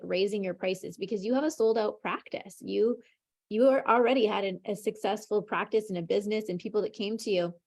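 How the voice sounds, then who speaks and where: A woman's voice: mid-range voice, creaky, a little mellow. A woman host and tapping coach on a video call, effusive and encouraging toward her guest. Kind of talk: warm encouraging interview.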